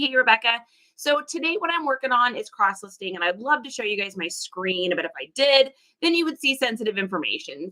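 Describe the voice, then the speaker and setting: Woman, bright voice, casual livestream chat, laughs a lot, greets viewers. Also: medium pitch. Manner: chatty, laughs often, greets viewers by name. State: allergies, puffy eyes. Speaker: reseller livestream host.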